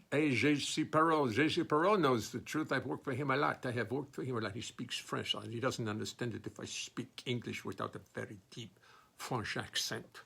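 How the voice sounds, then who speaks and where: A man who sings and plays bass, chatting casually between songs in his studio in a rambling, wry, self-mocking way. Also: vocal fry, slightly rough. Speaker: singer and bassist. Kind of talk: casual between-song chat at a live stream. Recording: loud bass under the voice. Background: his own double bass playing.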